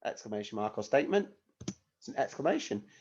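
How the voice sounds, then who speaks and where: Husky male teacher, lively delivery. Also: medium pitch, fast. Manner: patient, clear instructions to children with rhetorical questions. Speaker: primary school teacher. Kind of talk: recorded online lesson for young children. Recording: dull lo-fi recording.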